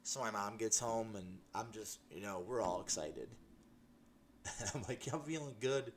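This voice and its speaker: A man tells his personal healing testimony in a lowish voice, emphatic and excited, stumbling over restarts as he goes. A faint hum of room ambience sits under his voice. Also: normal speed. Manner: excited, laughing, emphatic storytelling with many restarts. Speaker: testimony speaker.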